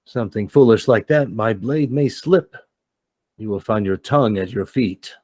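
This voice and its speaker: A man voicing a menacing male swordsman villain who taunts slowly. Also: fairly low pitch, mellow, husky, no echo, studio quality. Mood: threatening. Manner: slow, drawn-out taunting.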